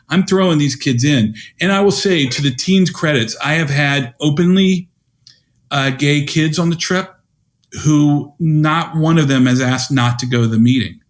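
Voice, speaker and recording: A man in his fifties, a podcast guest and educator, telling stories and acting out the dialogue he quotes. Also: a little high. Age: 50s. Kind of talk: conversational storytelling.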